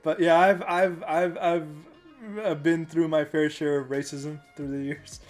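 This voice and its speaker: Man, from Canada, podcast chat, slightly high voice, rambling with fillers, faint music behind. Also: flat delivery, a little slow. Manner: rambling, many restarts and fillers, laughs often. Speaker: podcast co-host. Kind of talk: casual chat.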